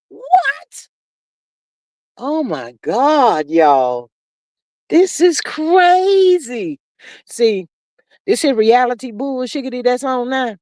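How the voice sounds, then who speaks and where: A woman hosts a casual livestream, gossiping in a sassy, drawling way and reading viewer comments aloud. Her pitch sits a little high and swings widely, and the recording is dry and close. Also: a little mellow, no echo. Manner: sassy, drawling, peppered with "child" and "honey". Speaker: livestream host. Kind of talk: casual gossip chat with live chat readers.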